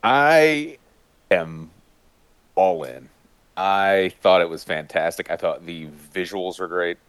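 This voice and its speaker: A man with a very low voice chats casually and eagerly, rambling through fillers and restarts. He sometimes leaps into high-pitched impressions of other voices. The sound is close and dry, with no room echo. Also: slow pace, a bit bright, smooth. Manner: mimics voices with sudden high-pitched bursts. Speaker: podcast panelist. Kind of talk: casual chat.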